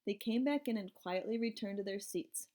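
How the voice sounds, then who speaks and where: A woman's voice: medium pitch, moderate pace, warm tone. A woman reading a children's storybook aloud, narrating expressively in first person. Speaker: audiobook reader.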